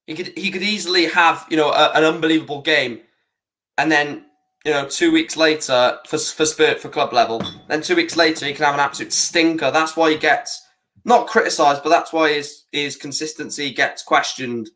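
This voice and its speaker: A young man hosts a live football watch-along, talking casually and swearing freely. His voice sits a little high and comes out bright and forceful as he rants about the referee. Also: moderate pace.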